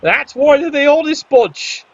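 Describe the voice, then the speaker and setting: High-voiced sarcastic male game commentator. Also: lively intonation, a little slow. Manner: sarcastic, wry play-by-play. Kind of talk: play-by-play commentary. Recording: dull lo-fi audio.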